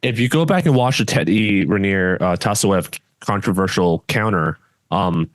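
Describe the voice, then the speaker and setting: Low-voiced and speaking at a moderate pace, this man co-hosts a podcast in a casual, blunt style. His sentences frequently trail off and get restarted, and the recording has no room sound.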